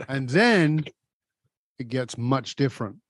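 A man's voice: mid-range voice, expressive, slow pace, dry recording, clean studio sound. A man hosting a podcast, speaking emphatically and addressing listeners directly in a motivational way. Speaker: podcast host. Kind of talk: conversational podcast interview.

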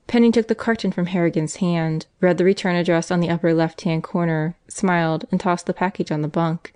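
A woman reading an audiobook chapter aloud in a measured, even manner. Her voice sits on the low side, steady and unhurried through scripted narration. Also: smooth.

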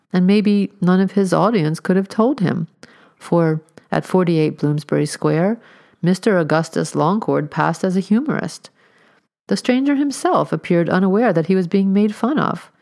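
A woman narrating a storybook in a measured, wry manner. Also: sits low, vocal fry, a little mellow. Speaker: audiobook narrator. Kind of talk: scripted narration.

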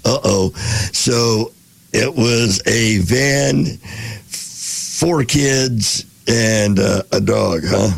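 Guy with a real gravelly low voice reading stuff out and cracking jokes, dry sound. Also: drawn-out words, dry recording. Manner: reads passages then jokes and reacts. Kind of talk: casual reading aloud with commentary.

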